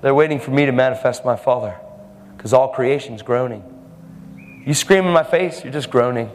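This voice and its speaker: A man's voice: mid-range voice, normal speed, slight background noise. Emphatic male preacher in a reverberant hall. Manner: bold, emphatic, laughing asides. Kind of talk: sermon. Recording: hall reverb with faint music.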